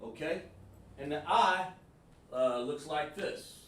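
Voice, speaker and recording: Male teacher at a whiteboard, slightly high voice, echoey room, off-mic, coaxes students, sounds out syllables. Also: slow pace, a bit bright, distant mic. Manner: interactive, calls on students by name and sounds out syllables. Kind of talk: live online class lecture.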